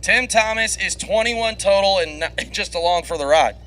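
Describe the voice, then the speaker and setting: A man's voice: high voice, fairly bright tone, poor audio. A man calling drag races live, rattling off dials and reaction times, laughing often between runs. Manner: quick play-by-play, laughs often. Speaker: drag racing commentator. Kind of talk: live race commentary. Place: racetrack broadcast booth.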